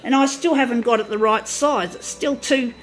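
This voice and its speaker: A woman's voice: on the high side, normal speed, a little hiss or hum. Woman on a profane, fiery rant. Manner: profane, ranting, half-laughing. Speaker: vlogger. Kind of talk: angry ranting product demo. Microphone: phone.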